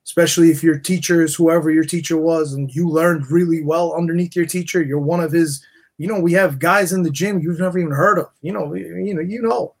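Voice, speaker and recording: A man's voice: on the high side, fairly even intonation, a little fast, creaky, husky. A middle-aged man from New York, a guest on a casual podcast interview, talking in rambling bursts and often restarting with "you know". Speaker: guest, jeweler and jiu-jitsu black belt.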